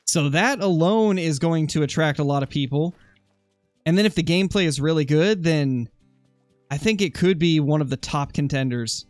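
A young man with a slightly high voice chats casually through a hunting game stream. He reads out viewers' comments and answers them in a relaxed, talkative way. Faint music plays underneath. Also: moderate pace, no echo. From Oregon, USA. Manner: chatty, answers chat comments while hunting. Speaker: gaming streamer.

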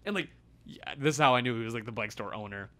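A man's voice: medium pitch, quick pace, bright, forceful tone. A man on a podcast telling a long story in a loose, casual, profane way. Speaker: podcast co-host.

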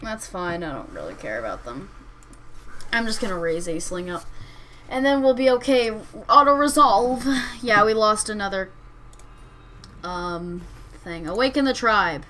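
A woman's voice: mid-range voice, lively intonation, a little slow, pauses often, bright, forceful tone, slight background noise, rough recording. A woman hosting a let's-play, commenting casually on her strategy game in a rambling, hesitant way that keeps correcting itself. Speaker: gaming channel host.

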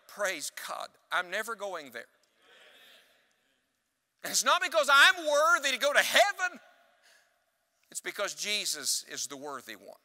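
In a big, echoing hall, a male evangelist with a high, bright, piercing voice delivers a forceful sermon. He uses call-and-response, leaving gaps for the congregation to shout back the next word.

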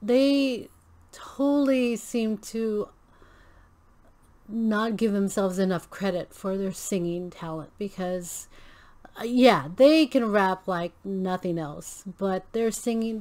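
A Filipino American reaction-video host, her voice medium-pitched with a darkish tone and a slow pace, gushes through casual commentary. She thinks aloud, stumbling into frequent restarts and fillers.

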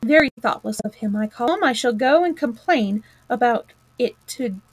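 A woman's voice: a little high, animated, moderate pace, no room sound, low-quality recording. Woman doing a fussy, whiny little mole. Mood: huffy. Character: fussy anxious male mole, small and pedantic.

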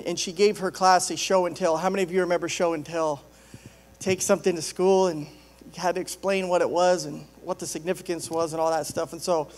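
Male pastor with a high voice, joking and chatty from the pulpit. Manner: joking, conversational storytelling. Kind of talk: sermon.

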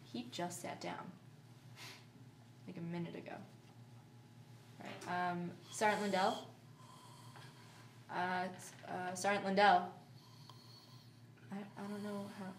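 A woman's voice: on the low side, roomy sound, recorded from a distance, background noise. A woman interviewing people in a comic video, speaking hesitantly with many fillers.

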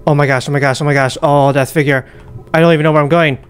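A young man commentating a horror game as he plays, muttering, whispering and panicking with rapid repeats. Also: fairly high pitch, fairly even intonation, clear, resonant tone. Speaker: gaming YouTuber. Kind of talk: live gameplay commentary.

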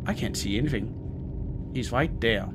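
A man's voice: medium pitch, animated, unhurried, background noise. A man with a Scandinavian accent, a gaming host muttering, groaning and swearing through a horror let's play. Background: game music.

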